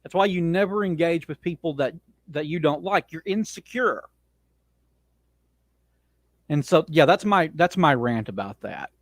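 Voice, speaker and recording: Guy ranting on his podcast, blunt and opinionated, kinda high voice, dry sound. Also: expressive, unhurried, pauses often, dry recording. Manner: blunt, opinionated, frequent restarts. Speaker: podcast host. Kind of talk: casual monologue rant.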